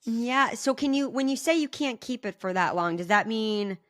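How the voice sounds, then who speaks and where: A woman's voice: on the high side, animated, moderate pace, a bit bright. A woman from Rhode Island co-hosting an interview, asking questions in an enthusiastic, gushing way. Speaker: co-host. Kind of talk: casual interview chat.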